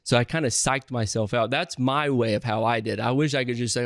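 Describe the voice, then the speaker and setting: A Southern man talks through his stories in a casual interview, full of restarts and fillers. His voice sits at an ordinary middle pitch, and the sound is close and dry with no room echo. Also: brisk, hardly any pauses. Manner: energetic, rambling with restarts and filler. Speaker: guest, real estate investor.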